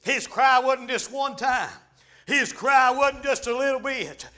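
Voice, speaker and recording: Preacher guy, real high bright voice, fired up, amen after every other line, hollers now and then. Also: measured pace. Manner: fervent, punctuated by frequent amens, bursts into shouts. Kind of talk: revival sermon.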